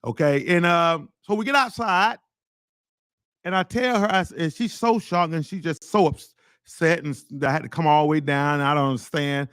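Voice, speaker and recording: Man, rambling, heated, blunt, slightly high-pitched, dry recording. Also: normal speed, a bit bright, clear, resonant tone, dry recording. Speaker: teachers' association leader. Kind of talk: casual storytelling monologue.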